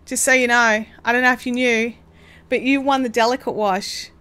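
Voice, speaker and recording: A woman's voice: fairly high pitch, steady tone, moderate pace, fairly bright tone, clean tone. An Australian woman hosting a casual craft livestream, chatty and bubbly, rambling with lots of fillers. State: hiccups. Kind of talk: casual live chat.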